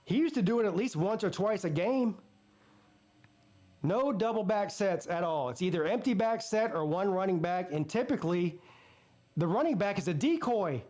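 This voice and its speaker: A high-pitched man talks through a live football game, calling each down and yardage. Between plays he breaks into blunt, profane rants. He keeps the loose, running commentary of a watch-party host. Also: expressive, moderate pace, a little mellow. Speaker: sports channel host.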